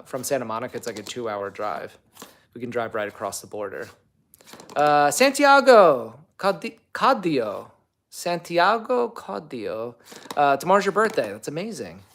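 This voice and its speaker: Here a young actor running a laid-back livestream chats through viewer comments, rambling and using plenty of fillers, in a gravelly medium-pitched voice.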